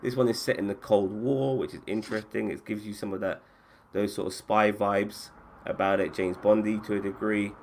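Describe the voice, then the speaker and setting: A man with a fairly low voice hosts a relaxed talk about games. He swears easily and trips over his sentences, and there is a faint hiss behind him. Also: moderate pace, creaky. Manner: casual, swears freely, restarts sentences. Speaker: podcast host. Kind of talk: casual chat about games.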